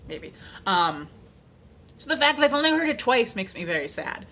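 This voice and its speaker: A woman vlogger chatting casually, animated and playful, with lots of fillers and little sung snippets. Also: medium pitch, moderate pace. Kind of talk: casual chat.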